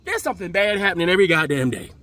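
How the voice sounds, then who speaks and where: A man's voice: high voice, very animated, racing, bright, forceful tone, no room sound. A man hosting a commentary channel, ranting with profanity and emphatic repetition. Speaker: commentary host.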